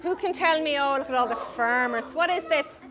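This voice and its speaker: A woman's voice: sits high, moderate pace, a crowd in the background. An Irish woman who teaches farm safety, talking in interviews and to schoolchildren with lots of questions. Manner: lively, talks to children with questions. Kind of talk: documentary interview and classroom talk.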